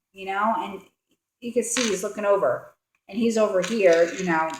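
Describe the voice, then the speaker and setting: Speaking a little slowly with fairly even intonation, a woman with a medium-pitched voice reads tarot casually. She rambles, fills in with plenty of fillers, and acts out what the figures in the cards might be thinking, in a room with echo.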